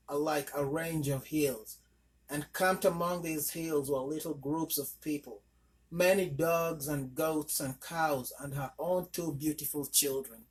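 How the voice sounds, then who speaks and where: Male storyteller with a fairly high voice. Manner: steady reading with small slips. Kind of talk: scripted narration of a folk tale.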